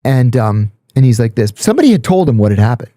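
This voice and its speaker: Animated middle-aged man telling a story. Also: medium pitch, fast, no room sound, studio quality. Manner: animated storyteller, blunt, swears. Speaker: podcast guest. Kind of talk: storytelling in casual chat.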